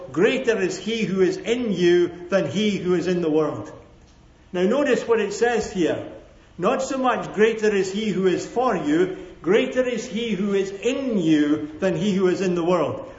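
High-voiced preacher in an echoey hall. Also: male voice. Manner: emphatic, repeats key phrases, asks the congregation for amens. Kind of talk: sermon. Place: church hall with a congregation. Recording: echoey, dull lo-fi sermon recording.

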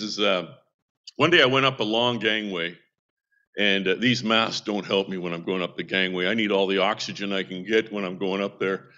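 A man's voice: lowish voice, bright, forceful tone, muffled recording. A man who works with a seamen's mission, giving a casual update in a rambling, anecdotal way with frequent restarts.

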